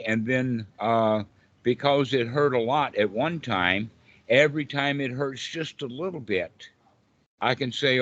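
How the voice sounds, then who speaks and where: An older man speaks as a meditation teacher in an informal talk, calm and unhurried. His tone stays reassuring throughout. The recording sounds a little dull and lo-fi. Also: mid-range voice, dry recording.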